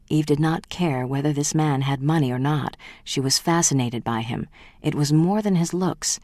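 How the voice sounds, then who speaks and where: An audiobook narrator with a mid-range voice reads a novel in an even, measured style. This is scripted narration with studio-quality sound and no room noise.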